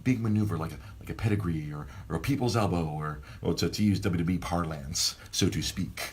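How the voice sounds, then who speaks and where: A man hosting a casual podcast, telling a rambling, animated story full of restarts. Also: low voice, brisk, a little hiss or hum. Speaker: podcast host.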